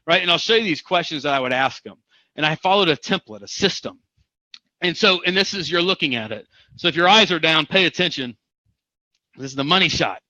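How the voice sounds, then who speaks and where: Male real estate coach from Missouri, punchy motivational delivery, bright tone, dry lo-fi sound. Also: sits high, a little fast, dry recording. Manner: energetic, emphatic, repeats for punch. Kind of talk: motivational seminar talk.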